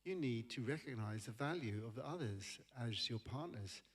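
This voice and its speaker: A man's voice: mid-range voice, expressive, normal speed, slightly rough. A man volunteering to read a passage aloud at a church service. He reads steadily and carefully, with small stumbles. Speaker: volunteer reader. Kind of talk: reading a text aloud.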